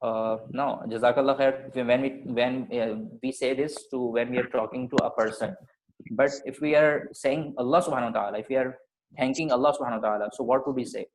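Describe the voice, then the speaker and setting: A man as a patient teacher giving an online class, voice sitting at an ordinary middle pitch. He explains step by step, pausing on fillers and checking understanding with frequent okays. It sounds like a video call. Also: fairly even intonation, a little hiss or hum, poor audio.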